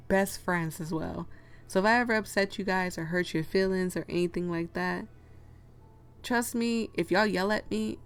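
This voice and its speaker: A woman streaming a story game, chatting casually to her viewers, giggling and rambling and cutting herself off. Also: fairly low pitch. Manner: giggly, rambling, self-interrupting. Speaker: game streamer reading a visual novel aloud. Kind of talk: casual chatty playthrough commentary.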